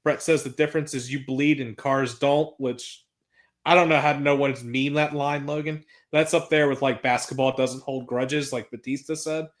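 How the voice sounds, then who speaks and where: A man's voice: mid-range voice, normal speed. Casual, cursing man recapping wrestling. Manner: excitable, swears freely, reads out promo quotes. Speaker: podcast co-host recapping wrestling.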